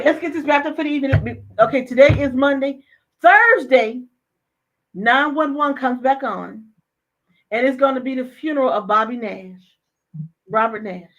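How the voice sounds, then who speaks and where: A woman's voice: sits high, a bit bright, muffled recording. A woman hosting a casual live chat show, talking emphatically and repeating her phrases. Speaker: host.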